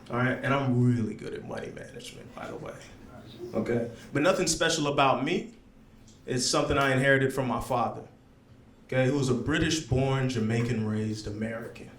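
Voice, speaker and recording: A man performing a stand-up set in a lounge, telling stories with lots of check-ins to the crowd. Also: mid-range voice. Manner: animated storytelling with frequent check-ins to the crowd. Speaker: stand-up comedian. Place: comedy lounge with live audience. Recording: echoey club, faint room noise.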